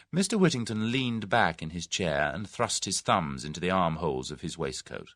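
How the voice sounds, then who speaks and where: A man narrating a classic mystery novel in a measured, expressive way. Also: deep voice, no room sound, studio quality. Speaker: audiobook narrator. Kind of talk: scripted narration.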